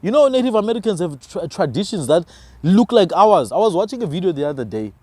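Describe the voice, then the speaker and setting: A man's voice: high-pitched, sing-song, fast talker, mellow, dry recording. A man from Africa, arguing his views with emphatic rhetorical questions in a passionate podcast conversation. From South Africa.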